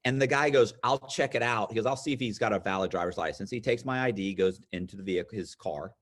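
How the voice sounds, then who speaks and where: A man in his fifties with a lowish voice tells his story as an interview guest. He talks casually and animatedly, slipping into the voices of the people he quotes. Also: fast talker, fairly bright tone. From United States. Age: 50s.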